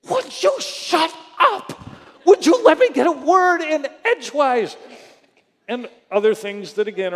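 A middle-aged man preaches a sermon, telling a story in an animated way. His voice sits high for a man, and he acts out both sides of phone calls. A long reverb trails off his words in the church hall. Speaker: pastor.

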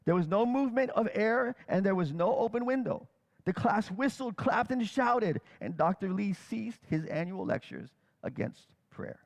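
A man's voice: sits high, moderate pace, vocal fry, long reverb tail. A man telling stories in a sermon, acting out the people he quotes as he tells them. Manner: animated retelling that acts out quoted speakers. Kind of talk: storytelling sermon.

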